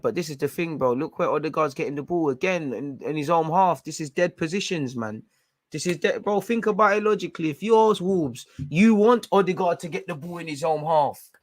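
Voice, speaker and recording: A young man reacts live to a football match on his stream, barking orders at the players. His voice sits a little high, and he swings between muttered frustration and loud, slangy outbursts. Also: animated, normal speed, no echo.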